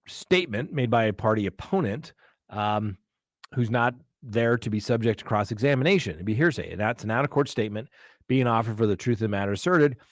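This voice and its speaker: A man at mid pitch hosts a live crime-talk show and rants emphatically about the law. The sound is dry and close, with no room in it. He breaks into mocking quoted voices along the way. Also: no echo. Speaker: host. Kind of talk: live true-crime commentary.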